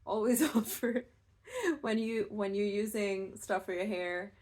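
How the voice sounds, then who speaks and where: Woman, tarot reader, casual chatty reading, rambling, mid-pitched voice. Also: fairly even intonation, unhurried. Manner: chatty and rambling, with soft laughs and fillers.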